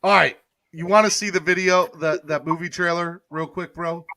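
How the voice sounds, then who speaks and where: A man's voice: a little high, fairly even intonation, moderate pace, bright, forceful tone, no echo. A man hosting a casual sports podcast livestream, playful and hyping up his audience. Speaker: podcast host.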